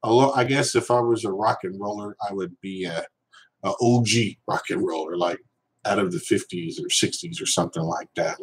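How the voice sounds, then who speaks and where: A man's voice: lowish voice, a bit bright, husky, low-quality recording. A man chatting casually on a live stream, reading viewer questions and rambling, with lots of fillers and restarts. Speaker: reseller vlogger.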